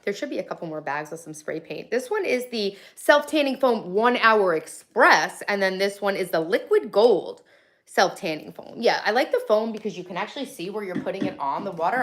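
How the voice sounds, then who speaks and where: A woman in her thirties from Long Island with a softened Long Island accent, chatting casually on a livestream while reading and answering viewer comments, with frequent ums and restarts. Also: mid-range voice. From Long Island, New York. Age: 30s. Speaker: livestream host. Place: home studio.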